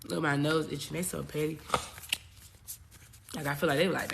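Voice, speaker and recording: A woman spiritual coach talking casually and profanely to her viewers, swinging from loud outbursts to hushed asides. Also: low-pitched, fairly even intonation, moderate pace, vocal fry, long pauses, background noise. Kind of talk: casual live chat.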